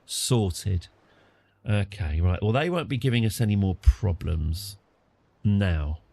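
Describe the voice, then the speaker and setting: A British man streaming a strategy game, chatting through it and getting excited and apologetic in turns. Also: on the low side, takes it slowly, vocal fry. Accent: British English. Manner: chatty, easily excited, apologetic after outbursts. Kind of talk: live game commentary.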